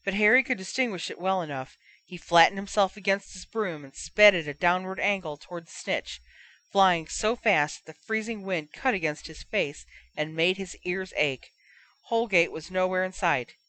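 A woman narrating a fan fiction audiobook in a steady storytelling manner. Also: lowish voice, moderate pace.

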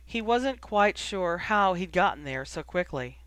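Steady fiction narrator, dry close sound. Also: mid-range voice, a little slow, smooth, no room sound. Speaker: audiobook reader.

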